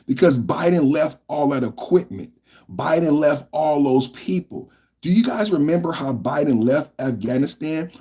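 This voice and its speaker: A man's voice: medium pitch, warm tone, breathy edge. A man hosting a reaction podcast, ranting angrily with heavy profanity and mocking his critics. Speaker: podcast host reacting to clips. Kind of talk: heated political rant.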